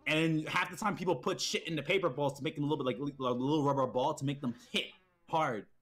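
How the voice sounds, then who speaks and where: A young man spins rowdy stories in an animated, profane way, breaking into heated bursts. His voice sits a little on the high side. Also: fast. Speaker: streamer's friend telling stories. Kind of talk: casual storytelling chat.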